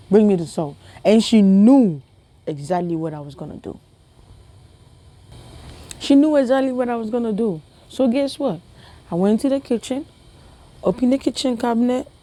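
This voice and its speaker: A woman's voice: a little high, dark tone. A woman from Ghana with a Ghanaian accent tells a story in a casual vlog, talking straight to her viewers and asking them questions. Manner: chatty, talks straight to viewers with rhetorical questions. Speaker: vlogger.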